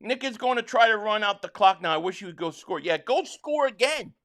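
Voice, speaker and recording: Man, excitable livestream host, bright sharp tone, game watch-along, reading chat. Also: high voice, fast talker. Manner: excitable, shouts at plays, stammers on restarts.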